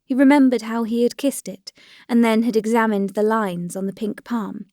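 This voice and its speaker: A woman narrating a classic novel in a measured, even storytelling manner. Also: a little high, dry recording, studio quality. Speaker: audiobook narrator. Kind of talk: scripted narration.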